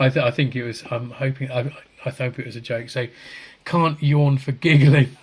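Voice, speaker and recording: A man's voice: medium pitch, fast talker, background noise. Man reading viewer comments on a podcast. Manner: relaxed, chuckles often, stumbles and restarts. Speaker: podcast co-host. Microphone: video call.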